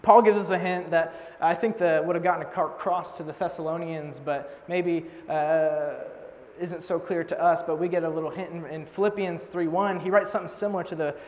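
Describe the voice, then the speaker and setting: A young adult man with a fairly high voice speaks fairly quickly, preaching a sermon in a casual, joking style. He tells animated stories while unpacking a passage, with long hall reverb on the recording.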